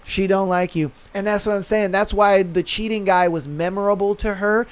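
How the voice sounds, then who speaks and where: A young man with a fairly high, smooth voice rants to his listeners in loose, profane slang. He often drops into quick impressions of what other people say before going back to his own point. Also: fairly even intonation. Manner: blunt, slangy and profane, mimics others mid-rant. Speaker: podcast host. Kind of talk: casual opinion rant.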